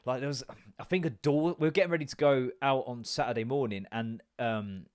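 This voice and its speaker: A man's voice: medium pitch, a little fast, no echo. Male podcast host in his thirties, comic, sweary, loose and rambling, dry close sound. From United Kingdom. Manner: jokey, swearing, rambling asides; comedic, stand-up performer. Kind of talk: casual chat.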